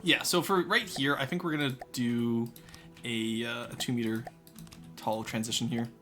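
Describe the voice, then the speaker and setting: A man's voice: medium pitch, steady tone, normal speed, pushed and bright, soft background music. A man streaming live, chatting casually with his chat while building in a game, rambling and swearing freely.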